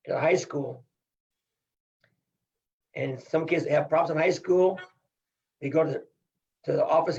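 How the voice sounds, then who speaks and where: A man's voice: on the high side, gravelly, darkish tone, highs cut off. A middle-aged man from Iowa, a wrestling coach, talking in a casual podcast interview in an emphatic, upbeat, folksy way.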